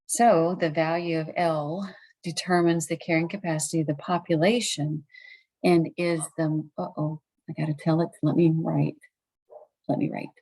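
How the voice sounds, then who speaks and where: A tired woman walks through a math lesson late at night. Her voice sits low, and she talks casually, thinking aloud and fixing her words as she goes. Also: dark tone, poor audio. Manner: chatty, self-correcting, thinking aloud. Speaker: math teacher. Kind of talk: recorded lesson walkthrough.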